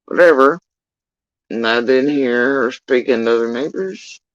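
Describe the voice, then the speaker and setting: A man telling an emotional personal account, halting and swearing often as he recounts what happened. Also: mid-range voice, steady tone, dry recording, highs cut off. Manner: profane, halting, emotional retelling. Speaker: witness recounting events.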